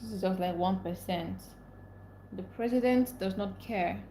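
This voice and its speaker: In an unhurried, warm mid-range voice, this young Nigerian streamer reads comments aloud and calls out viewers by name, ranting emotionally about how upset she feels. The audio is poor and roomy, with a little hiss or hum.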